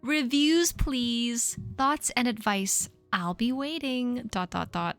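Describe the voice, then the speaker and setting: A woman in her thirties on a live stream, reading her old fan fiction aloud with self-mocking asides and squeaky sound effects. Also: slow pace, few pauses, soft background music. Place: home streaming setup.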